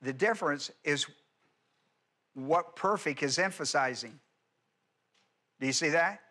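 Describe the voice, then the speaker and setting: Male pastor, bright and forceful tone, emphatic teaching sermon heavy on grammar explanations. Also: a little high, measured pace. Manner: emphatic, rhetorical questions, explains Greek grammar. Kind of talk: expository Bible teaching sermon.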